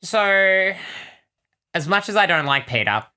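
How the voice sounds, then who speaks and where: A woman's voice: mid-range voice, big pitch swings, unhurried, bright, forceful tone, clean tone. A woman co-hosting a casual comic-book podcast, recapping with enthusiastic, rambling chatter and plenty of "like"s. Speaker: podcast co-host.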